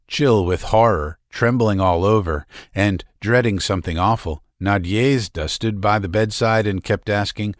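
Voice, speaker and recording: Reading a classic novella in scripted literary style, a male audiobook narrator keeps his delivery measured yet expressive. The voice is on the low side, captured with clean studio sound and no room noise.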